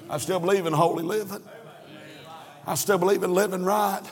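Preacher guy, high raspy voice, yells the big points, church echo all over. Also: fairly even intonation, brisk, pauses often. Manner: storytelling, then rising to shouted emphasis. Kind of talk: sermon. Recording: echoey church hall.

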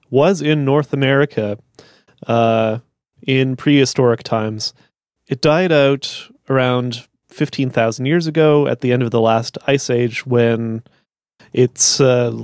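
A man of ordinary pitch reads a history book aloud, then stops to add his own halting comments full of fillers. The recording is dry and close, with little sound of the room. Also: dry recording. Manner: steady when reading, halting asides full of "uh"s. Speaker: podcast host reading a history book aloud. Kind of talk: reading aloud with unscripted commentary.

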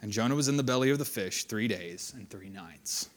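Animated man preaching a conversational sermon. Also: fairly low pitch, fairly quick. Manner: conversational, animated, reads scripture then comments.

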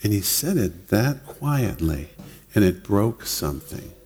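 A man preaching a sermon in a relaxed, conversational way, often laughing and acting out other people's words. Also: lowish voice, measured pace, a little hiss or hum. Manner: conversational, laughs often, acts out quoted voices. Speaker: pastor. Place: church hall. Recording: long reverb of a church hall.

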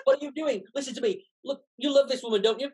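A woman voicing an excitable, pushy male talking donkey in an amateur script read. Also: sits high, fast talker, pitched above the performer's own voice, close to an everyday voice. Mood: pleading.

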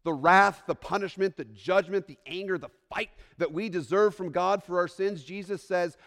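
A man's voice: sits high, moderate pace, few pauses, fairly bright tone. A man, a pastor, giving an earnest, emphatic Christmas sermon to his congregation, repeating phrases for weight and sometimes restarting a word. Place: church sanctuary. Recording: long reverb of a large hall.

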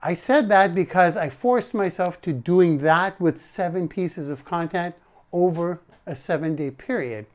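A man's voice: high-pitched, a little slow. A man live streaming a casual monologue, rambling and correcting himself as he talks to his chat.

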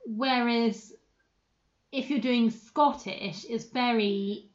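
A woman's voice: on the high side, extremely slow. A woman co-hosting a podcast, chatting casually, laughing often and tossing out rhetorical questions. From Britain. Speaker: podcast co-host. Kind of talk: casual chat. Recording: dull lo-fi sound.

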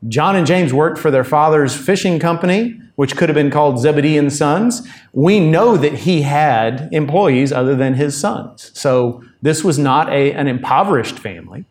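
A man's voice: fairly high pitch, moderate pace, darkish tone. A man preaching a sermon in a conversational, explanatory way, full of asides. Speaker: pastor.

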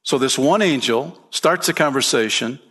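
A man's voice: mid-range voice, moderate pace, fairly bright tone, breathy edge. A man preaching a sermon as pastor, emphatic, lifting his voice for key points and calling listeners "man" and "friend".

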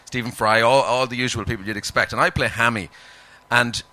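A man being interviewed about his acting work, mid-pitched with a very bright, sharp timbre. He rambles in a dry, deadpan way, stumbling over fillers and restarts as he tells his stories. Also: a little fast. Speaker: actor, interview guest. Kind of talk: casual interview chat.

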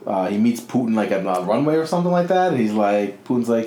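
A man's voice: lowish voice, fast, dark tone, roomy sound. A man co-hosting a casual chat, laid-back, swearing and restarting his sentences. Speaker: co-host.

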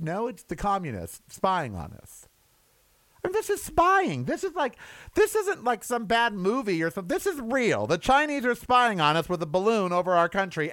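A man's voice: high voice, a bit bright, no room sound. A man delivering a sarcastic, exasperated rant as a commentator, with mocking asides. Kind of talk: ranting monologue.

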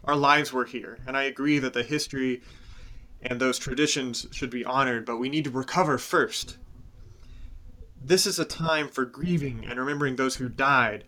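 Earnest halfling woman elder, played by a game master, bright clear tone. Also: mid-range voice, moderate pace, natural voice. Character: steady female halfling elder.

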